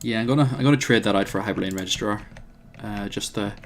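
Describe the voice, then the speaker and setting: A man hosts a let's play, talking through his own strategy game at a fast clip in a lowish voice. He thinks aloud, hesitating often and dropping wry asides.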